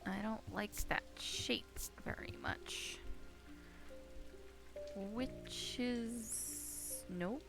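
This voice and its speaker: A woman's voice: a little high, very slow, long pauses. A woman streamer chatting playfully to herself as she plays a game, giggling often. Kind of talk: casual gameplay commentary. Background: soft game music.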